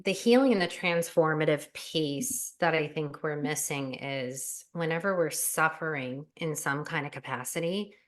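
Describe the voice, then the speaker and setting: A woman life coach talking earnestly as an interview guest, animated and full of fillers. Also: low-pitched, a little slow, hardly any pauses. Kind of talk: casual interview chat.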